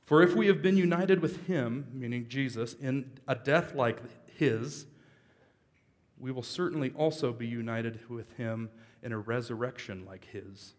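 A man's voice: medium pitch, unhurried. Man preaching in a reverberant hall. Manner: joking, conversational preaching with sudden loud emphasis. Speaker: pastor. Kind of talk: sermon. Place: church service. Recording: long reverb of a large hall.

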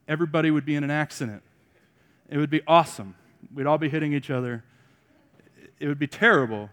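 A man preaching a sermon to a congregation, mixing joking asides with loud emphatic points and quiet remarks. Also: on the high side, a little fast, in a large hall. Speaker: pastor.

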